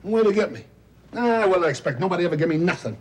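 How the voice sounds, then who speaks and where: An actor playing a loud, wisecracking, self-pitying middle-aged talent agent in a 1970s television drama. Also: male voice, high voice, lively intonation, fast talker. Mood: regretful. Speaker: theatrical agent.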